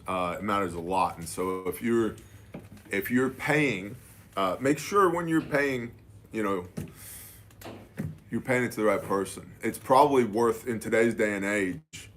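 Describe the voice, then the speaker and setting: A man's voice: fairly low pitch, slight background noise. A man and business owner telling a casual story, acting out the dialogue with "I'm like" and "she's like.". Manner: animated, quotes dialogue with "I'm like".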